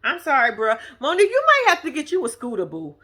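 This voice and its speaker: A woman's voice: high voice, wildly swooping pitch, fast, a bit bright. A woman giving casual, profane reaction commentary on a reality show, with laughing asides.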